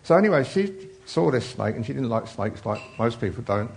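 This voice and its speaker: A man's voice: medium pitch, very animated, brisk, gravelly, a little mellow, a little hiss or hum. A man preaching an informal sermon in a chatty, rambling way with many asides.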